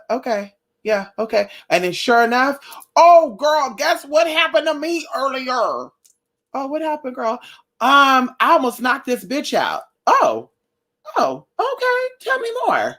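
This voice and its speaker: A young woman vlogging in a casual chat with her viewers, blunt and profane, telling animated stories. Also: fairly low pitch. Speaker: spiritual vlogger.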